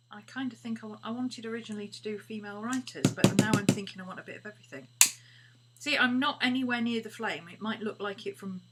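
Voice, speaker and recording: A woman's voice: mid-range voice, slightly rough. A woman chatting casually while crafting on a live stream, often dropping to a murmur. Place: home craft studio. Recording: steady background hum.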